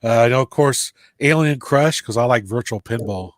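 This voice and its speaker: A man's voice: medium pitch, moderate pace, dry recording, studio quality. A man co-hosting a podcast in casual chat, easygoing, laughing along and giving short replies. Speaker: podcast co-host.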